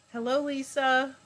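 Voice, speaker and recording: A woman's voice: high-pitched, fairly bright tone. A woman hosting a live stream in a casual, chatty way, reading viewer comments aloud, laughing often and breaking off mid-word. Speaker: livestream host.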